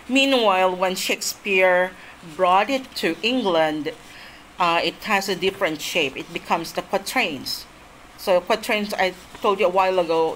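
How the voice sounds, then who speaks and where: A woman's voice: lowish voice, fairly bright tone, slight background noise, low-quality recording. A woman from the Philippines giving a classroom lecture on poetry, explaining step by step and repeating her points, with frequent fillers.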